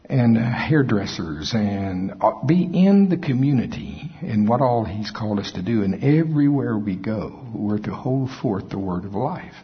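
Husky-voiced man preaching in an echoey hall. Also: on the low side, lively intonation, a little slow, few pauses. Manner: folksy storytelling, self-mocking humor. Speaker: pastor. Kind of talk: sermon. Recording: echoey hall, dull lo-fi sound.

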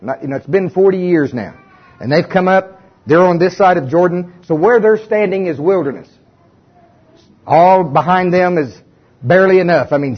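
A male pastor preaches a sermon full of animated, folksy storytelling and humor. His voice is high with a breathy edge, and the recording is dull and lo-fi.

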